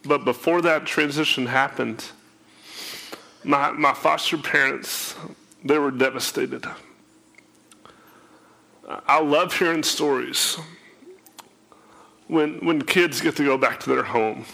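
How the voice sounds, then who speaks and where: A man's voice: medium pitch, steady tone, slow pace, creaky, long pauses, pushed and bright. A man telling his life story to an audience, emotional and tearful, often repeating words as he speaks. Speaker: speaker sharing his testimony. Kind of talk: personal testimony to an audience.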